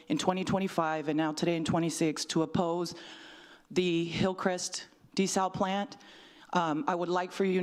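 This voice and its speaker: A woman giving a public comment at a city council meeting, speaking in a combative, emphatic way as she scolds the council. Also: lowish voice.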